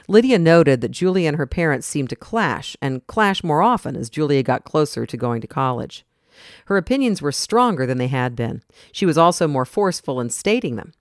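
A narrator reading a storybook in a steady, clear way. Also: mid-range voice, dry recording, studio quality.

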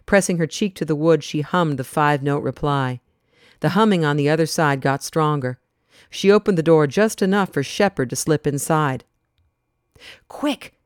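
A reader narrating an audiobook story in an even, measured way. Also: medium pitch, clear, resonant tone, no room sound, studio quality.

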